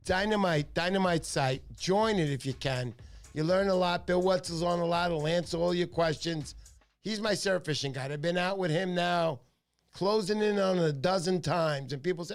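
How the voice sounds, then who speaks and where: A middle-aged man hosting a casual livestream, telling excitable stories and acting out the voices of the people in them. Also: high voice, normal speed, faint music behind. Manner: excitable storyteller, acts out voices in his stories. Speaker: livestream host.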